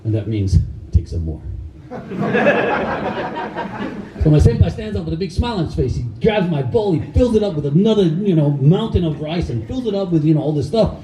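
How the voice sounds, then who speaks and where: A middle-aged man who is a karate instructor, telling animated stories to a live audience, laughing often and acting out the people he quotes. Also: sits high, moderate pace, very noisy. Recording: echoey room, voice far from mic.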